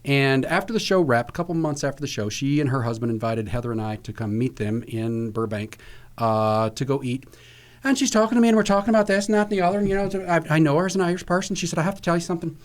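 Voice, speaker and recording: Male podcast co-host, mid-range voice, animated storyteller who acts out the dialogue. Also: medium pitch, fast. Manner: animated anecdote telling, acting out quotes. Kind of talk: casual chat.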